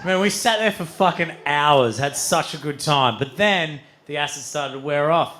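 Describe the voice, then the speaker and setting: Bright-voiced stand-up comedian. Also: male voice, a little high, moderate pace, slight background noise. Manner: animated, swearing, building to shouts. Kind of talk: stand-up storytelling. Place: comedy stage.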